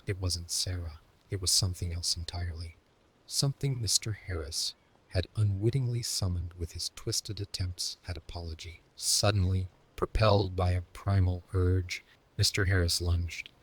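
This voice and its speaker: Brief: man, very low and husky voice, steady scripted horror narration. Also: moderate pace.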